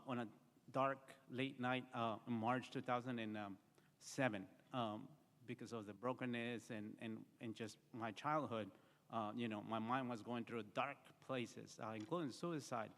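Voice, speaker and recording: A man's voice: mid-range voice, fairly bright tone. A man giving an earnest, story-filled eulogy at a memorial service, with frequent fillers. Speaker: eulogy speaker. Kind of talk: memorial speech. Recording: reverberant hall.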